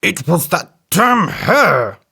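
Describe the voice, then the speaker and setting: A storyteller voicing a big, strong male elephant in a children's story, in a gruff, blustering manner with a changed tone. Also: mid-range voice, big pitch swings, takes it slowly, bright, forceful tone, pitched above the performer's own voice, heavily acted. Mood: angry.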